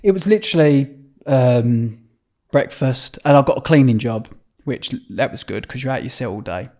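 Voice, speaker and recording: An Essex man talks through his memories as an interview guest, in a voice of ordinary middle pitch. He is blunt and rambling, swears freely, and keeps breaking off to restart his sentences. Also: animated, normal speed, warm tone. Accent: Essex English. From Essex, England. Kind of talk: casual interview storytelling.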